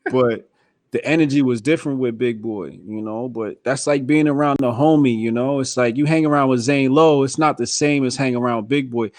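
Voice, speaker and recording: A man's voice: medium pitch, no echo. Male podcast host, laid-back slangy explainer, dry close sound. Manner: relaxed, explanatory, slangy and emphatic. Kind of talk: casual political podcast chat.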